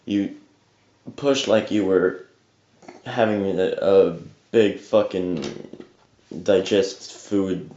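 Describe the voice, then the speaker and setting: A man's voice: low voice, darkish tone. A young man who says he just woke up, giving a rambling, casual tutorial on harsh singing, full of fillers and restarts, with some swearing. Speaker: vocal tutor. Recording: echoey lo-fi home webcam audio.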